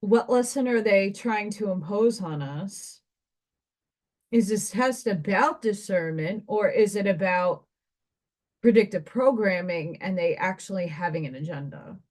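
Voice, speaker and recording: A woman's voice: mid-range voice, expressive, unhurried, darkish tone. A woman giving a spiritual card reader's monologue to her viewers, meandering and conversational and thinking aloud with asides.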